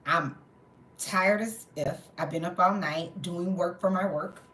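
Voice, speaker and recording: A woman's voice: on the low side, measured pace, slight background noise. A woman, tired and in pain, telling an exasperated story in casual chat, with some swearing. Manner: animated, exasperated retelling with swearing. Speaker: storytelling vlogger. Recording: roomy echo.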